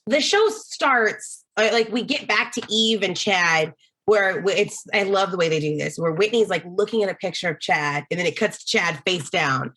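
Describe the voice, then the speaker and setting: A woman's voice: mid-range voice, moderate pace, fairly bright tone. A woman guest on a casual podcast, chatting and making wry, joking asides. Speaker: guest co-host. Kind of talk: casual chat.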